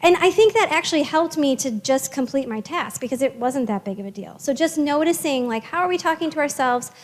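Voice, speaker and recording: High-voiced upbeat woman presenter. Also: animated, fairly quick, big-room sound. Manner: chatty, upbeat, many fillers and restarts. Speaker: social worker presenting to parents. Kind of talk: casual presentation to parents.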